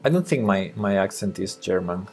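A man's voice: low voice, expressive, normal speed, faint music behind. A man with a Spanish accent, thinking aloud and chatting with viewers during a late-night coding live stream. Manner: thinking aloud, muttering to himself, answering chat. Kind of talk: casual live-stream chat while coding.

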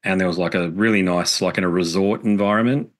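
A middle-aged man talks in a very deep, low register. He recounts things earnestly and reflectively, with casual swearing, in a relaxed interview chat. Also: fast. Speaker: podcast guest, musician.

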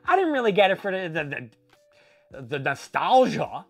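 A male host talks through a collectible in a loose, casual way. He trails off, restarts and gently mocks himself when he gets details wrong. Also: high-pitched, sing-song, moderate pace, faint music behind. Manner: rambling, self-mocking, trailing off. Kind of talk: casual unboxing chat.

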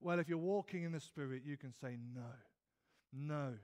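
A man's voice: a little high, fast talker, a little mellow. A man with a British accent preaching an evening sermon in church, earnest, often restarting and repeating words as he builds emphasis. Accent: British English.

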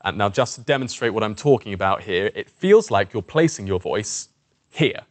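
A man coaching a voice warm-up lesson, encouraging and demonstrative as he guides participants through exercises. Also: fairly low pitch, expressive, normal speed. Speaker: presentation skills coach.

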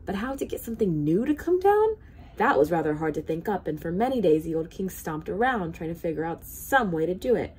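A woman, a hospital volunteer, reading a children's picture book aloud with expressive storytelling. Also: fairly low pitch, brisk, breathy edge.

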